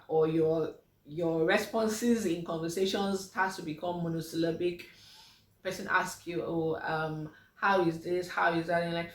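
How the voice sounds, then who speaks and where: A woman's voice: on the low side, steady tone, moderate pace, recorded from a distance. A woman physiotherapist giving an informal health talk to mothers, chatty with many fillers, acting out the replies she quotes. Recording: echoey room, voice from off mic.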